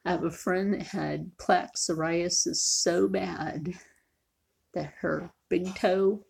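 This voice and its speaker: A woman's voice: on the low side, steady tone, slow, vocal fry, darkish tone, slightly rough. A woman chatting casually in a cooking vlog, joking and often dropping to a near whisper. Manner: chatty, jokey, sometimes drops to a near whisper. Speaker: vlogger.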